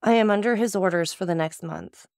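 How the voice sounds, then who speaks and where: A woman's voice: mid-range voice, brisk, a little mellow, no room sound, natural voice. A grieving young soldier, read by a woman speaks in a tranquil, mournful way. The recording is dry and close.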